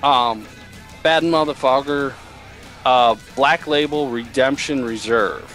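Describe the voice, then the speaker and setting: A man's voice: medium pitch, fairly bright tone, faint music behind. Profane, rambling man reviewing products. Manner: rambling and profane, slow drawl. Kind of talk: casual product review chat.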